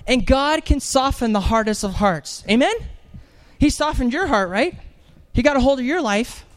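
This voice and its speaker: A man preaching an animated sermon in church, telling a story with jokes and acted-out voices. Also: very high voice, normal speed. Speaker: evangelist preacher.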